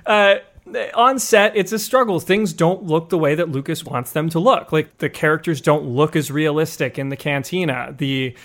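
Male podcast host, higher voice, chatty anecdotal delivery. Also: normal speed, a bit bright. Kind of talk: casual storytelling chat.

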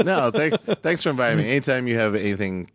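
A man as a podcast guest, talking in a rambling, animated way and quick to joke. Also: mid-range voice. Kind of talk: casual podcast chat.

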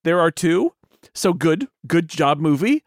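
A man co-hosting a casual film podcast, rambling and animated with many restarts and mock-indignant humor. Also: fairly high pitch, a little slow, dry recording, studio quality. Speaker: podcast co-host.

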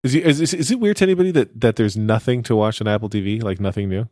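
A man co-hosting a casual tech podcast, giving quick, opinionated takes. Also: fairly low pitch, a little mellow, no room sound, clean studio sound. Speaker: podcast co-host.

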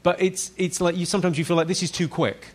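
A man's voice: high-pitched, fairly even intonation, fast talker. A middle-aged British man, a comedian chatting as a podcast guest in a wry, self-mocking way. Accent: British English. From United Kingdom. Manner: wry, self-mocking, laughs at his own lines. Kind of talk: casual podcast chat.

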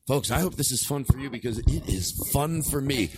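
A man's voice: medium pitch, lively intonation, fairly quick, slight background noise. A man hosting a podcast on a small stage with a band, rambling through loose jokes and swearing freely. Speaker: podcast host. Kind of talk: loose comedic banter.

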